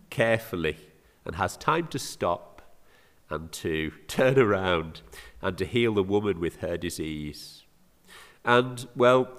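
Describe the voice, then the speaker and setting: A man's voice: fairly low pitch, fairly bright tone. A man with an English accent preaching a sermon, earnest and often asking his listeners rhetorical questions. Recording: reverberant hall.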